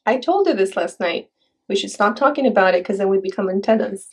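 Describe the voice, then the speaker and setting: A woman who works as a spiritual healer, a guest on a casual podcast. She talks earnestly in quick bursts and laughs often. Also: mid-range voice, lively intonation, darkish tone, husky.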